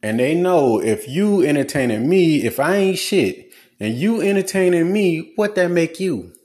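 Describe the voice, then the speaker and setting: A man's voice: fairly high pitch, big pitch swings, a little slow, a little mellow. A man giving blunt, preachy relationship advice in a casual, slangy monologue.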